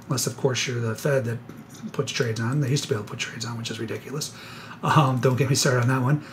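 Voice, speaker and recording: A man giving live trading commentary on a webinar, excitable and sarcastic, rambling with self-corrections, a little out of breath. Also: mid-range voice, fast talker, slight background noise. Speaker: futures trader presenting a live webinar.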